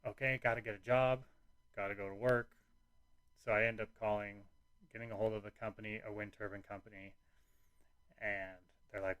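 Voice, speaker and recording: A man's voice: fairly low pitch, fairly bright tone, no echo. A young man telling a candid personal story in a casual, rambling way, often acting out what other people said. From United States. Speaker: podcast host telling his own story.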